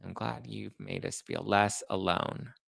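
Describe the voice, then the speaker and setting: A man hosting a casual chat show, reading viewer comments aloud and answering them with sarcastic, animated remarks. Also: on the low side, measured pace, gravelly, slightly rough, dry recording, clean studio sound. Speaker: host.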